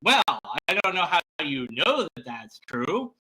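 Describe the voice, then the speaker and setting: A man talking to camera in a loose, rambling vlog, stumbling through fillers and restarts. His voice sits high and swings widely, with a very bright, sharp edge. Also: big pitch swings, a little slow, husky, poor audio. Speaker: YouTuber. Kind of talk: casual vlog monologue.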